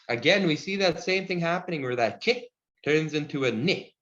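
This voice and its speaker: A man teaching a Cree language class over a video call, friendly and encouraging, chuckling often and slowing down to model each word. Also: a little high, lively intonation, fairly bright tone. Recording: dull lo-fi video call audio.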